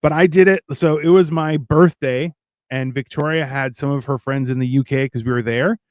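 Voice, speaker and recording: A man's voice: mid-range voice, normal speed, a little mellow, no echo, clean studio sound. A man telling rambling anecdotes in casual chat, acting out quoted lines in playful voices. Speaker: podcast co-host.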